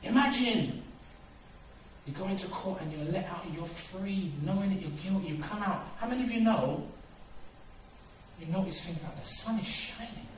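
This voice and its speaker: A man delivers a lively sermon, acting out the characters in his stories and swinging between hushed and loud. His voice sits somewhat high and carries from a distance. It rings through a very echoey hall with a clear hum of background noise. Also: normal speed. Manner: animated storytelling, acts out dialogue, swings from quiet to loud. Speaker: preacher. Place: church hall.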